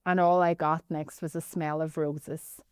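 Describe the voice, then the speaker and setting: A woman with a Northern Irish accent telling a personal story as a podcast guest, animated and often addressing the host by name. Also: deep voice, a little slow, smooth, no echo, clean studio sound. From Northern Ireland.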